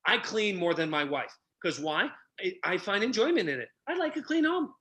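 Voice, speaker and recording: High bright-voiced guy telling stories, super animated, acts out every line. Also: fairly quick. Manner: energetic, acts out quotes with big pitch jumps. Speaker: podcast guest, relationship coach. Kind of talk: animated storytelling.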